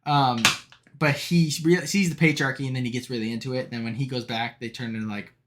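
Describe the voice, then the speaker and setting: A young man co-hosts a podcast, chatting casually about a movie in a rambling way, full of fillers and laughing as he retells jokes. His voice is medium-pitched and fairly even in intonation, moving at a quick pace over a noisy background.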